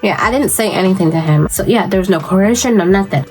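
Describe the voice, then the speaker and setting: A woman's voice: medium pitch, fast, soft background music. A woman in her thirties chatting casually while doing her makeup, telling a story and jumping into quoted voices as she goes. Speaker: beauty vlogger. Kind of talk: casual get-ready-with-me chat.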